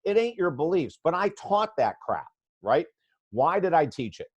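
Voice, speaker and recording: A man's voice: on the high side, big pitch swings, normal speed, breathy edge, highs cut off. A man in his sixties, a guest life coach telling a story in a podcast interview, blunt and emphatic.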